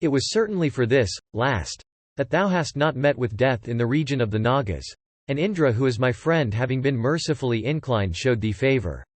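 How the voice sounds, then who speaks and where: A wise old preceptor from an ancient epic storybook, read by a man, explaining calmly in archaic English. His voice is mid-pitched and heard close and dry. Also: moderate pace, no echo, lightly acted. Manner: calm, explanatory archaic speech. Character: wise old male preceptor, calm teacher.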